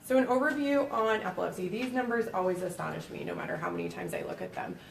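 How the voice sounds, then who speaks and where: A woman with a Boston accent gives an educational talk as a nurse, explaining things in a friendly way with plenty of "um"s. Her voice has a gravelly edge. She is picked up from a distance in an echoey room, with faint noise underneath. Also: medium pitch, animated, quick pace. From Boston, USA. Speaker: pediatric epilepsy nurse presenter. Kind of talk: educational presentation. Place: library meeting room.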